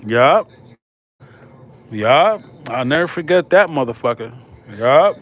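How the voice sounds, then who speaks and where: A man's voice: fairly high pitch, big pitch swings, unhurried. A man hosting a casual livestream from a hospital room, slangy and laid back as he chats with viewers. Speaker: livestream host.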